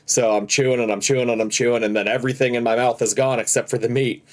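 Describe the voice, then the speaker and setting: This man's voice is mid-range and level, and he talks fast. Co-hosting a relaxed podcast, he shares stories with lots of energy and laughs his way through them.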